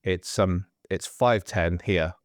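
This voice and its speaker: A man hosting a podcast in casual, joking chat, relaxed and swearing freely. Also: sits low, takes it slowly, dry recording, studio quality. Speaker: podcast host.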